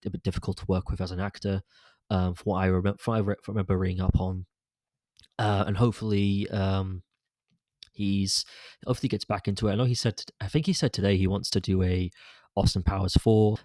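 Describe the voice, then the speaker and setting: A man's voice: low-pitched, darkish tone, no echo. A man hosting a solo podcast, chatting casually and rambling through candid film opinions with plenty of fillers and restarts. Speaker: podcast host. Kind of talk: casual solo podcast chat about films.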